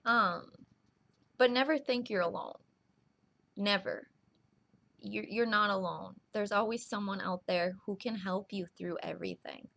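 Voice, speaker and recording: Earnest young woman with vocal fry. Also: medium pitch, sharp tone. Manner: earnest, reassuring, slow with small restarts. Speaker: vlogger. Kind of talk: heartfelt direct-to-camera vlog.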